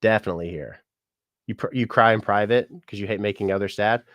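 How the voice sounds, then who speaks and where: A man's voice: lowish voice, quick pace, dry recording. A man who works as a musician and mortician, chatting casually on a livestream and reading out viewer comments. He is upbeat and laughs often.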